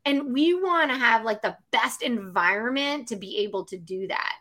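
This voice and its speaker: A woman's voice: on the high side, expressive, normal speed, pushed and bright. A woman who works as a psychic medium, talking casually, full of fillers and acting out the voices of the people she quotes. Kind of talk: casual chat.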